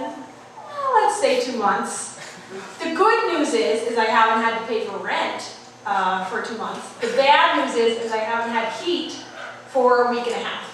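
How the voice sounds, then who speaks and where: A woman in her twenties from Prince Edward Island, Canada, doing a self-mocking, deadpan stand-up set on a small bar stage. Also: sits high, noisy background. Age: 20s. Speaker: stand-up comic. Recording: echoey bar room from far off.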